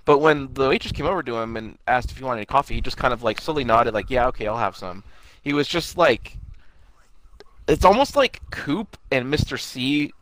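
A man in casual conversation, analyzing a TV episode and thinking out loud about what a character's behavior means. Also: medium pitch, lively intonation, moderate pace, a little hiss or hum, poor audio. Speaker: podcast co-host.

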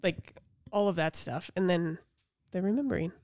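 A woman's voice: lowish voice, moderate pace, a little mellow, no echo, studio quality. A young adult woman co-hosting a casual podcast chat about motherhood, reading a passage aloud earnestly and a little out of breath. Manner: reads a passage aloud earnestly, then chats. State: slightly out of breath while reading. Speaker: podcast co-host.

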